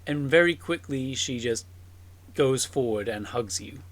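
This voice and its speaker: A game master narrating a tabletop role-playing game, pausing often with fillers. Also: mid-range voice, expressive. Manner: halting, many fillers.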